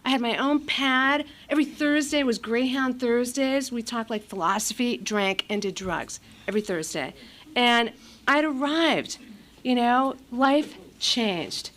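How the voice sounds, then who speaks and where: A woman's voice: a little high, a little slow, fairly bright tone. Blunt, profane woman at a recovery meeting. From California. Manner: blunt, profane and self-mocking, with frequent fillers. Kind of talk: candid recovery share to a live audience.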